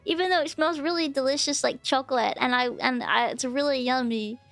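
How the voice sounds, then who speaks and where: A woman's voice: fairly even intonation, fairly quick, a bit bright, dry recording, soft background music. A woman streaming as a VTuber, chatting playfully while she bakes and teasingly scolding her viewers. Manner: playful, mock-scolding chat with sudden squeaky outbursts. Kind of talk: casual stream chat.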